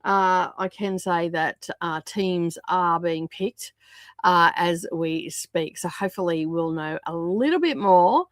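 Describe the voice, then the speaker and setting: A woman hosting a casual livestream, greeting viewers and chatting, her voice croaky from a sore throat. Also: fairly low pitch, slow pace, no room sound, clean studio sound. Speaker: livestream host. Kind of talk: casual livestream chat reading out viewer comments.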